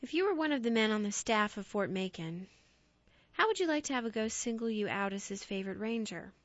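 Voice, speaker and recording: A woman's voice: medium pitch, no echo. Woman narrating ghost tales, dry sound. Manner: measured, expressive storytelling. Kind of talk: audiobook narration of ghost stories. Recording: dry, slightly dull recording.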